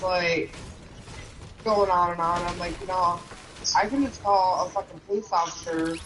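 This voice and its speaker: A man's voice: high voice, background noise. A man, a parent, telling a personal story in a casual, heavily profane and emotional way. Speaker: parent and game streamer.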